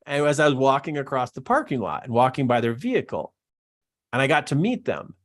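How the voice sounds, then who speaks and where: A man's voice: medium pitch, lively intonation, brisk. A middle-aged man, a business coach, talking in a live-streamed Q&A, emphatic and fond of repeating phrases for effect.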